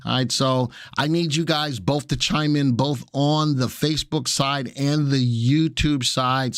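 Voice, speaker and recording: A man's voice: mid-range voice, no echo. Chatty New man hosting a livestream. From Brooklyn, New York. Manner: chatty, greets viewers by name, jokey asides. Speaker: livestream host and market instructor. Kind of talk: casual live-stream chat.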